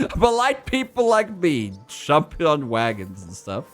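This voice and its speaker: Giggly, high-pitched man streaming a game. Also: wildly swooping pitch, takes it slowly, soft background music. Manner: giggly, rambling, mock-teasing. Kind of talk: casual gameplay commentary.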